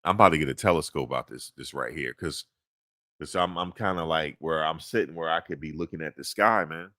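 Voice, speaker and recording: A middle-aged man talks in a loose, rambling way as host of a casual chat. His voice sits very low. The sound is dry with almost no room around it. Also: fairly quick, pushed and bright, no echo. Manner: laid-back, rambling, chuckles at own jokes. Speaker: podcast host.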